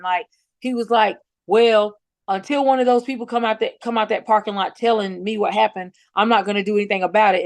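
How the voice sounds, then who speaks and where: A middle-aged woman tells a personal account as a guest, outspoken and blunt. She acts out the back-and-forth of a conversation in lively retelling. The recording is dry and close, with pitch sitting in a normal middle range. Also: no echo. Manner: animated storyteller acting out quoted dialogue. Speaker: guest, bereaved mother.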